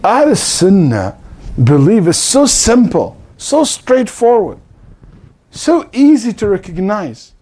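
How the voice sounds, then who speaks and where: A man's voice: high-pitched, sing-song, slow pace, dark tone. A middle-aged man giving a religious lecture as a teacher, telling stories with animation and acting out the quotes.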